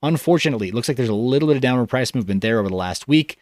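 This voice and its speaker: A man's voice: medium pitch, lively intonation, very fast, a little mellow, no room sound, clean studio sound. Tired-voiced man chatting on a livestream. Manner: rambling, loose, self-interrupting. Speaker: livestream host. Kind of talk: casual livestream chat reading comments.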